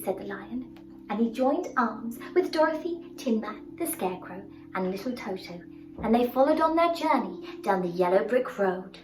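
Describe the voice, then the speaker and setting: A woman telling a children's storybook tale in an expressive, exclaiming, sing-song manner. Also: a little high, moderate pace, far from the mic. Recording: roomy sound from off-mic, faint music.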